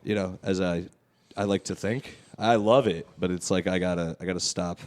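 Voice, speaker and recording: A man's voice: low voice, steady tone, moderate pace. Rambling, laid-back male podcast host. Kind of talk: casual chat.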